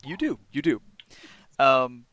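A man narrating as game master of a tabletop role-playing game, chatty and quick to laugh. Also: mid-range voice, big pitch swings, fairly bright tone, no room sound.

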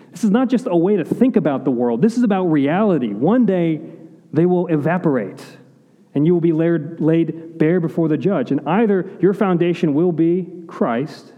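A man's voice: on the high side, lo-fi sound. Preaching man in a reverberant hall. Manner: earnest preaching with rhetorical questions, drops to quiet intensity. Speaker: pastor. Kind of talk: sermon.

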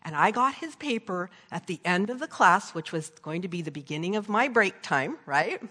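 Husky-voiced woman preaching in a hall. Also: mid-range voice, lively intonation, normal speed, fairly bright tone. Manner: earnest storytelling, tags with "right?". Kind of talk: sermon with closing prayer. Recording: long hall reverb.

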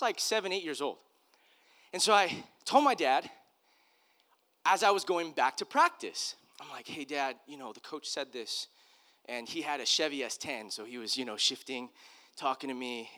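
A pastor, a man, preaches in an easy, conversational style. His voice sits a little high and rings bright and forceful. He talks earnestly and loosely, restarting his sentences as he goes. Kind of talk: conversational sermon storytelling.

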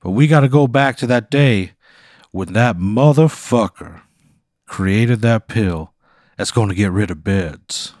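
A man voicing a goofy male time-traveling quilt with googly eyes, in a loud drawling cartoonish bluster. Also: lowish voice, a little slow, no echo, clean studio sound, lightly acted. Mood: blustery.

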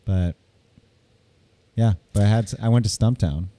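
A man's voice: fairly low pitch, moderate pace, warm tone, dry recording. A man co-hosting a podcast, rambling through stories and laughing often. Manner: giggly, rambling storyteller. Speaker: podcast co-host. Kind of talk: casual chat.

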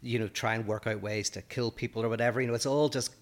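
A man's voice: mid-range voice, fairly even intonation, fast. A man with a Northern Irish accent, co-hosting a podcast and explaining ideas at length, thinking aloud in casual philosophical discussion. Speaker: podcast co-host.

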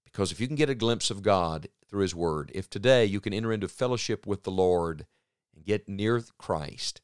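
Earnest male preacher, smooth clear low voice, no room sound at all. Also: lively intonation, no echo, studio quality. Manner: earnest, with emphatic slow pauses. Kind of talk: broadcast sermon.

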